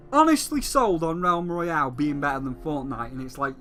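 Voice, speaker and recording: A man with a high, sharp, forceful voice rants as a gaming commentator. He is profane and sarcastic throughout. Faint music plays behind him. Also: normal speed.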